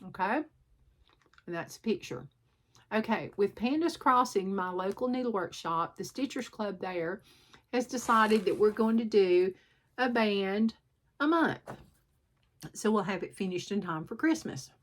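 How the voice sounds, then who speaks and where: A woman with a sore throat, rambling and poking fun at herself as she shows off her stitching in a chatty show-and-tell vlog, clearing her throat often. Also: medium pitch, lively intonation, measured pace, long pauses. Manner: rambling, self-deprecating, frequent throat clearing. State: sore throat, sucking a cough drop. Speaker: cross-stitch vlogger.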